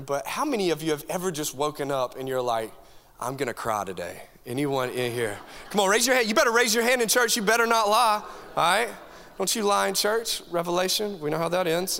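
A man, a youth pastor preaching an energetic, joking sermon to a congregation in a large church hall. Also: a little high. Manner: animated, joking, talks straight to the crowd. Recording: long hall reverb from a church room.

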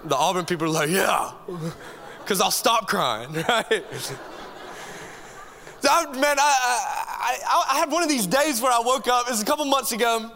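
High, bright-voiced preacher man. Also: moderate pace, a little hiss or hum. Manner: animated, joking, talks straight to the crowd. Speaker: youth pastor. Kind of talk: energetic sermon to a congregation. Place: large church hall. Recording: long hall reverb from a church room.

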